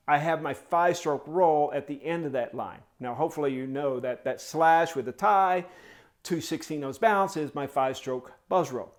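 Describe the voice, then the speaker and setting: A man's voice: on the high side, moderate pace. A man teaching snare drum step by step, singing the rhythms in syllables, counting off tempos and encouraging his students. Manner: coaching and encouraging. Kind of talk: step-by-step music tutorial.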